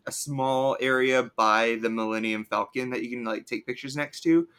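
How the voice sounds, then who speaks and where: A man's voice: mid-range voice, steady tone, moderate pace, fairly bright tone, clean tone. A man co-hosting a podcast, chatting casually and enthusiastically, coming down with a cold. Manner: chatty, enthusiastic, filler-heavy. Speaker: podcast co-host. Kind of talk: casual chat.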